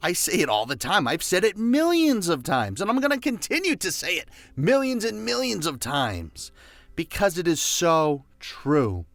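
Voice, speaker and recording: A man with a slightly high, very animated voice delivers an emphatic, repetitive motivational talk. He leads the listener through call-and-response phrases. The sound is dry, with soft music underneath. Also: moderate pace, dry recording. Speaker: motivational speaker.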